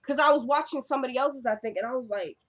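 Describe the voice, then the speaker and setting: Woman vlogger, slightly high voice, casual recap, excitable and full of asides. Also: quick pace. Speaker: TV episode recapper. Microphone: own camera.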